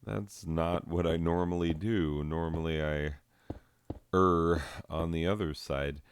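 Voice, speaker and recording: A man rambling through a solo chat while high, swearing and giggling as he drifts off topic. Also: fairly even intonation, takes it slowly, smooth. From southwestern United States. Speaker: podcast host.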